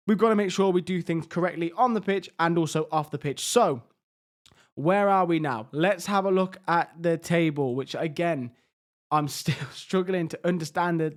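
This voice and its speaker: Guy calling his football game, fairly high voice, gets hyped fast. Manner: excitable, shifting between hushed tension and loud outbursts. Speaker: gaming YouTuber. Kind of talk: live game commentary.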